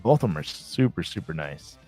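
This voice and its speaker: A married man hosting a casual live stream, chatting excitedly and reacting to viewer comments. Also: low voice, a little fast, no room sound, soft background music. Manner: excited, chatty, reads chat aloud.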